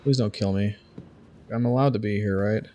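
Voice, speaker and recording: Streaming a game, a man keeps up relaxed commentary, cracking jokes, cursing and addressing his chat. His voice is lowish and mellow at a moderate pace, with slight background noise.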